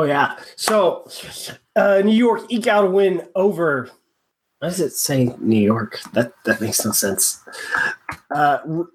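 Male podcast co-host with a slightly raised voice, rambly and wry, full of fillers. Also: fairly high pitch. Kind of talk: casual podcast chat.

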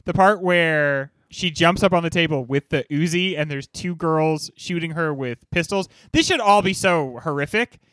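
A man's voice: fairly high pitch, normal speed, few pauses, a bit bright, dry recording. A man co-hosting a casual movie podcast, talking enthusiastically and rambling a little. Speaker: podcast co-host.

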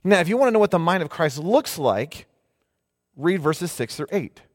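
A man's voice: a little high, sing-song, moderate pace, big-room sound. A man preaching a sermon as pastor, emphatic, repeating his phrases and often starting with "hey".

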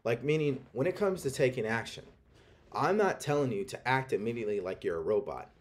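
A man's voice: mid-range voice, lively intonation, brisk. Emphatic man giving a motivational talk. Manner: emphatic, repetitive, coaching tone. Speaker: podcast host.

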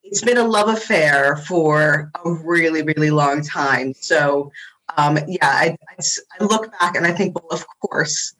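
In a casual interview, a U.S. woman in her forties, an interior design blogger appearing as a guest, talks easily and laughs often in a self-deprecating way. She speaks in a deep, fairly bright voice at a measured pace over rough audio.

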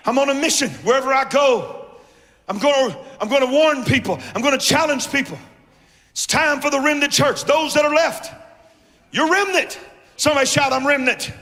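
A man preaching a fiery sermon as a guest preacher, shouting with call-and-response to the congregation. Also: extremely high pitch, moderate pace. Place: large church hall. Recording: long church reverb with music.

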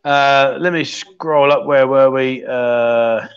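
A man's voice: mid-range voice, fairly even intonation, slow, smooth. A man hosting a casual livestream chat show, joking around and thinking aloud as he reads out viewer comments. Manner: chatty, jokey, thinks aloud while scrolling comments. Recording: slightly dull lo-fi sound.

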